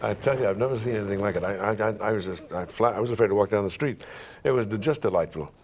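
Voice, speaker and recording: There's a little hiss or hum behind this man's low-leaning, quick-paced voice. A stage performer guesting on a conversational interview, he spins lively stories and walks through breathing and voice drills by demonstrating them.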